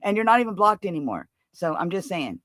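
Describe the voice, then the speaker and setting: A woman's voice: lowish voice, sing-song, a little fast, fairly bright tone, dry recording. Blunt, cursing woman streamer. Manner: blunt, profane, defensive. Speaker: livestream host. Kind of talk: heated casual livestream chat.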